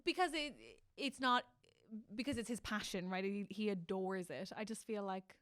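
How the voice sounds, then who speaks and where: A woman co-hosting a comedy podcast in casual chat, excitable and quick to laugh. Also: mid-range voice, dry recording, clean studio sound. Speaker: podcast co-host.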